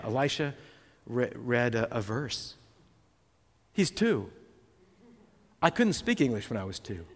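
A man preaching a sermon as pastor, telling stories in a conversational way and reading scripture slowly. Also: mid-range voice. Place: church sanctuary. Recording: long hall reverb.

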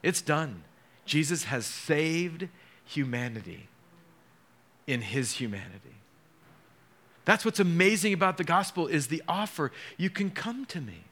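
A middle-aged man preaching a sermon as pastor, acting out scenes with dramatic slow pauses. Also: on the high side, lively intonation, a bit bright.

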